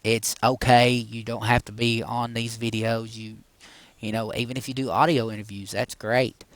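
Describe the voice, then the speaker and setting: A man's voice: medium pitch, little pitch movement, moderate pace, dry recording. A middle-aged man hosting a paranormal podcast, talking straight to his viewers in a loose, rambling way with many fillers and frequent asides to "guys". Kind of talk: casual rambling monologue to viewers.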